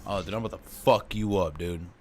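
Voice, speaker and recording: A man streaming a game live, talking excitably and profanely while he reads game dialogue aloud. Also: deep voice, brisk, slight background noise. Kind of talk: live gameplay commentary.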